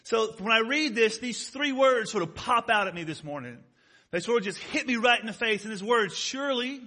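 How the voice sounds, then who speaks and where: A male pastor preaching a sermon, emphatic, asking his congregation questions and swinging from loud stressed words to soft, close remarks. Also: very high-pitched. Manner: rises loud on key words, drops soft and intimate.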